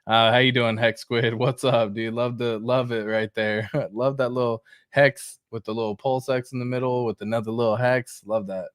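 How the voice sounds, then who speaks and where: An excitable young man chats through a casual livestream, full of slang and shout-outs to viewers by name. His voice sits in an ordinary middle register. The sound is dry and close, with no room echo. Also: mid-range voice, moderate pace, few pauses. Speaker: crypto livestream host.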